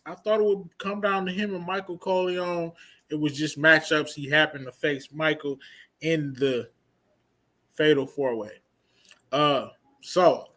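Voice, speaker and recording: A man's voice: a little high, a bit bright. A man hosting a review show in a casual chat, hyping up his big announcements and stretching out titles.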